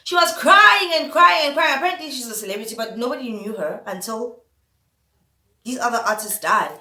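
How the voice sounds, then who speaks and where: A woman's voice: a little high, lively intonation, fairly quick, bright, forceful tone, roomy sound. A woman vlogging an opinion rant to camera, exasperated and firing off repeated rhetorical questions. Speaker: vlogger host.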